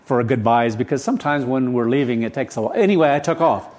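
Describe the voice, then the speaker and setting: An older man in his seventies delivers a sermon at a hurried, adrenaline-charged clip. He rambles, restarts his sentences and circles back, sounding keyed up. His voice sits at an ordinary middle pitch for a man. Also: lively intonation, darkish tone. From United States. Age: 70s. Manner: rushed, rambling, restarts often. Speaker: pastor. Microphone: camera set up for recorded service.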